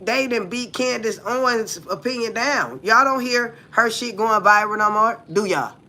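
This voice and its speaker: A woman from the United States hosts a livestream, speaking at a moderate pace in a slightly high, sharp-toned voice. Her casual talk is blunt and profane, peppered with rhetorical questions aimed at viewers.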